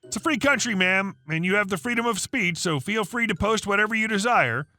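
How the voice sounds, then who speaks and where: A composed female shop assistant manager, polite on the surface and quietly ironic as a man reads her. Her voice is bright and fairly high, with an animated pitch. Faint music plays underneath. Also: brisk, dry recording, full character voice.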